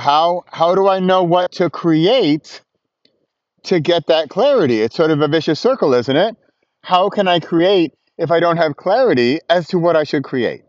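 A man's voice: on the high side, no echo, highs cut off. Chatty man vlogging outdoors. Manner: chatty, self-mocking, laughs often. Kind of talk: casual to-camera vlog. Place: outdoors on a frosty beach with his dog.

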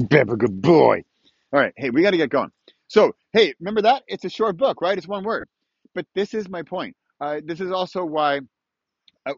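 Male author-vlogger, rambling and self-amused, outdoors on a phone mic, lively delivery, lo-fi sound. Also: mid-range voice, dry recording. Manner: rambling, self-amused, calls out to his dogs mid-thought. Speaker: author and online course creator. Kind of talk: casual walk-and-talk vlog. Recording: dry, slightly dull lo-fi audio.

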